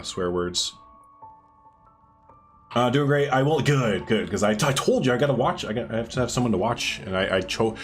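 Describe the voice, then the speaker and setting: A man streaming live, chatting casually with viewers as he builds, rambling and laughing often while answering their messages. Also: mid-range voice.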